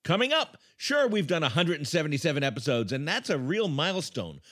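Bright, lively wry male host. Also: fairly high pitch, brisk. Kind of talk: comedy podcast hosting.

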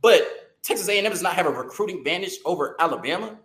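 A man hosting a sports show, ranting fast and excitedly, stumbling over words and firing off rhetorical questions. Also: sits high, reverberant. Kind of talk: heated sports rant.

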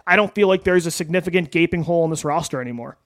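A man co-hosting a sports podcast, reading an ad and then giving upbeat, quick analysis. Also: fairly high pitch, a bit bright, no echo. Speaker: podcast co-host. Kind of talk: sports podcast chat and ad read.

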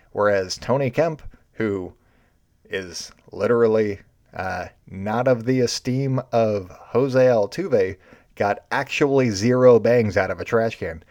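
A man with a low-pitched voice hosts a baseball show, riffing off the top of his head. His tone is sarcastic and ranting. The recording is dry and close, with no room sound. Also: darkish tone, no echo. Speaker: baseball podcast host. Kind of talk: unscripted sports commentary.

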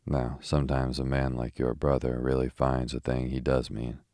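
Syme, a man reading a sharp young poet. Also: a bass voice, completely flat delivery, moderate pace, no echo, studio quality. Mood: gentle. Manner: irritable, grim, then gently ironic.

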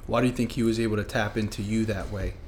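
A man's voice: fairly low pitch, fairly even intonation, quick pace, a little mellow, a little hiss or hum. A man hosting a podcast, asking probing questions and working them out aloud as he goes. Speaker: podcast host. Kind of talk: interview questions.

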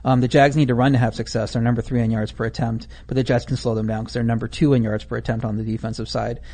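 A man's voice: medium pitch, little pitch movement, fast, a little mellow. A man co-hosting a podcast, giving casual football betting analysis packed with stats. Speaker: podcast co-host.

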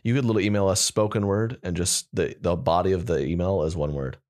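A man's voice: low-pitched, fairly quick, a little mellow. A man co-hosting a casual comedy podcast, rambling and playful, at times improvising slam poetry. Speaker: podcast co-host.

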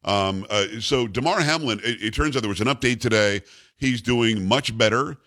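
A man's voice: medium pitch, normal speed, a bit bright. A man hosting a talk radio show, rambling and jokey, chatting casually with his co-host. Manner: rambling, jokey, self-congratulating.

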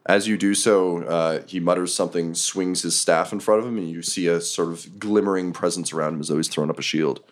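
A man narrating a tabletop game as game master, relaxed, with many filler pauses. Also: sits low.

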